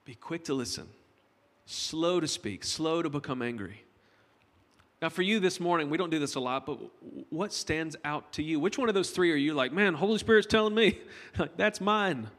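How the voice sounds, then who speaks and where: A man's voice: on the high side, lively intonation, moderate pace, fairly bright tone. A middle-aged man preaching a conversational sermon to his congregation, joking with them as he goes. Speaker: pastor. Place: church hall. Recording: long hall reverb.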